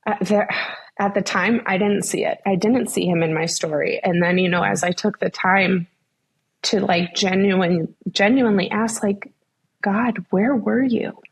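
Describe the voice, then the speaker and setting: Young woman guest, earnest faith story, gravelly and husky, lots of "like" and "um". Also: medium pitch, steady tone, normal speed. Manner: earnest, many fillers like "like" and "um". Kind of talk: faith interview, personal story.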